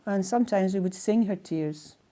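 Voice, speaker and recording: An older woman with a Scottish accent, telling stories by the fireside in a gentle, halting way that often trails off to a hush. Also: medium pitch. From Scotland. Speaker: storyteller and singer. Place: indoors in a house by a fireside.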